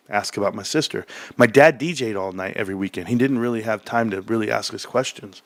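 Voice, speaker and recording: Animated man telling a story. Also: fast talker, dry recording. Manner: animated, acts out childhood voices in a high excited pitch; laughs often while telling. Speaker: host telling a childhood story. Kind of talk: casual storytelling.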